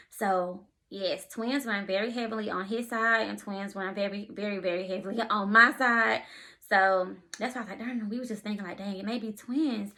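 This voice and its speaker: A woman of average pitch tells a personal story in a casual vlog. She is out of breath and animated. She slips in and out of acted-out dialogue as she retells what happened. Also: normal speed. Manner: breathless and animated, often retelling scenes in quotes. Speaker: vlogger and expecting mother.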